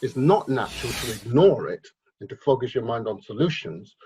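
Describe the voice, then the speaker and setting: A man's voice: medium pitch, very animated, normal speed, darkish tone, slightly rough, rough recording. A man delivering an emphatic, repetitive motivational monologue on a wealth-mindset vlog, lecturing the viewer.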